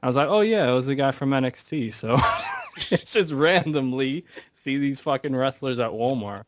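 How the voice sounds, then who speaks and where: Animated male podcast storyteller. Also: mid-range voice, normal speed. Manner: animated storyteller, acts out quotes, swears freely. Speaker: podcast co-host. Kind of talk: casual chat.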